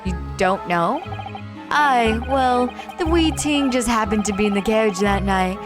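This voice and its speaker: A woman voicing a shifty male witness in a put-on Southern drawl, speaking slowly and folksily. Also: on the high side, music in the background, natural voice. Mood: folksy, evasive. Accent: put-on American Southern. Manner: slow, drawn-out folksy speech.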